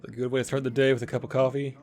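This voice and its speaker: Let's play host: wry, profane running commentary over game audio. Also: male voice, medium pitch, little pitch movement, racing, a little mellow, soft background music. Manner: sarcastic, profane, mocking the characters. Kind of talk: joking gameplay commentary.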